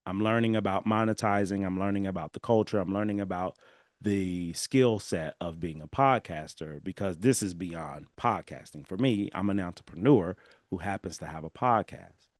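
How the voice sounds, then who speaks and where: Here the podcast host's voice is deep and moderately paced, captured in studio quality without echo. He's a Southern California man talking directly to his audience in a casual solo monologue, full of animated stories and laughter.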